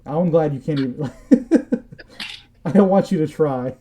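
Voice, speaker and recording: A man's voice: a little high, very animated, a little slow, warm tone, a little hiss or hum. A man co-hosting a casual livestream chat, joking and teasing in a loose, rambling way. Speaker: podcast co-host.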